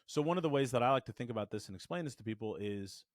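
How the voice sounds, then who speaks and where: A man teaching a voice lesson to camera, animated and demonstrative, shifting his resonance to show the difference. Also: medium pitch, racing, no echo, studio quality. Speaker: voice coach. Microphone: studio microphone.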